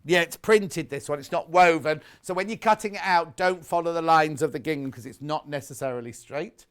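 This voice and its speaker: A man's voice: on the high side, fairly quick, fairly bright tone, clean tone. A middle-aged British man presenting live on a shopping channel, chatting and gossiping between products and viewer messages. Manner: chatty, gossipy, rambling asides. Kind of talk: live selling chat, reading viewer messages.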